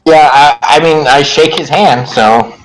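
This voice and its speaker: Halting man narrating his game character. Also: a little high, low-quality recording. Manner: halting, stops and restarts mid-sentence. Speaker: tabletop game player.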